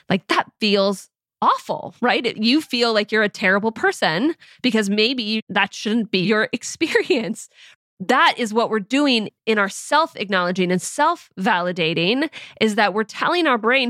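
A woman's voice: mid-range voice, animated, normal speed, dry recording. Chatty woman podcast host, dry sound. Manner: conversational, with filler words like "you know" and frequent soft laughs. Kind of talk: casual podcast monologue.

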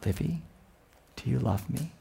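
A man voicing a gentle, loving father, speaking softly and low within a sermon story. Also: very animated, takes it slowly, vocal fry, husky, heavily acted. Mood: tender, hushed. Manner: soft, low, hushed.

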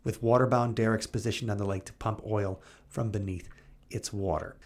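A man co-hosting a podcast, reading old newspaper clippings aloud in a brisk, animated way and chatting loosely in between. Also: fairly low pitch, gravelly. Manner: reads quotes in a brisk, animated way, then chats loosely. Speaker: podcast co-host.

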